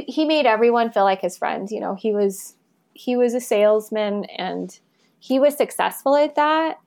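A woman guest speaking softly and haltingly in a personal remembrance, with small laughs between thoughts. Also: medium pitch. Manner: soft, halting, tearful. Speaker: interview guest.

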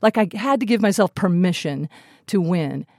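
Laughing, animated comedian woman, dry studio sound. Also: lowish voice, moderate pace, no echo. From Colorado. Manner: animated, laughs often, playful voice shifts. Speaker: comedian guest. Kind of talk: radio interview.

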